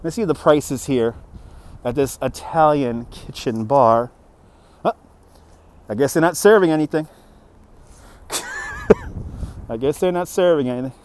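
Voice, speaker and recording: A man's voice: a little high, unhurried, pauses often, a little mellow. A man from New York City hosting a casual live-stream walking tour, chatting and joking with viewers as he goes. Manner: chatty, answers viewer comments, jokey. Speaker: livestream host. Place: outdoors on a city street at dusk. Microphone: phone on a handheld gimbal. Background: traffic and street ambience.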